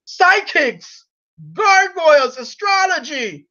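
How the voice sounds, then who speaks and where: A man voicing a shrill, outraged religious woman who shouts her rebukes, on lo-fi audio. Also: animated, takes it slowly, exaggerated voice.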